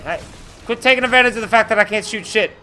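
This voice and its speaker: Excitable young man yelling at a game. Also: high voice, quick pace, soft background music. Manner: excitable, yelling and swearing at enemies. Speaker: gamer playing a shooter. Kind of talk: let's play commentary.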